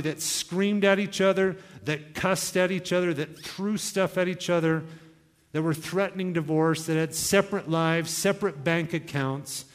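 A young man preaching to his congregation with earnest urgency, slipping into quoted asides as he exhorts. His voice sits a little high, and the church hall adds a long reverb. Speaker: pastor. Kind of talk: sermon.

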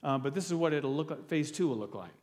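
A pastor delivering a sermon in a church, talking loosely with restarts and fillers and an earnest tone. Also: male voice, fairly high pitch, lively intonation, fast talker, a little mellow, in a large hall. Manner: earnest, gets emotional near the end.

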